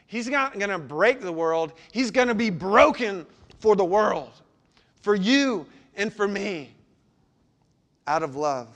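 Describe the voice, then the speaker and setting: High-voiced male pastor preaching. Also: expressive, slow. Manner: dynamic delivery, sudden drops to quiet intensity. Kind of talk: sermon.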